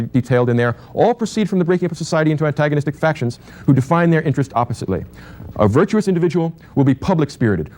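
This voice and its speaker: Man, university lecture, very fast talker, warm dark voice, restarts mid-thought. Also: medium pitch. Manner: thinks aloud, with restarts and asides. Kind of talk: university lecture on political theory.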